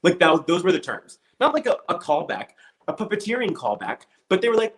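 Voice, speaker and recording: A man's voice: high-pitched, brisk, rough recording. A man telling a story casually, acting out the voices of the people in it. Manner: animated storyteller acting out quotes.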